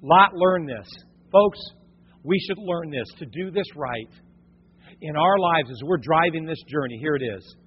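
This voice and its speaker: A man's voice: a little high, animated, a little slow, husky. A man preaching a sermon in a folksy storytelling way, talking to his congregation as folks. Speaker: pastor. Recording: dull, echoey church hall recording.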